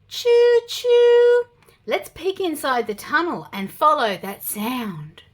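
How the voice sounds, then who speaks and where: A woman's voice: on the high side, measured pace. A woman with an Australian accent reading children's picture books aloud, gasping and making playful sound effects. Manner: animated, gasps and sound effects for kids. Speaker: children's storyteller.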